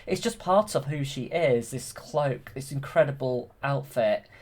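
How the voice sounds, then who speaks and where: A man's voice: mid-range voice, measured pace, a little mellow. Gushing man retelling a film. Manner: enthusiastic, gushing, full of fillers and restarts. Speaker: channel host. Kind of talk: rambling retelling from memory.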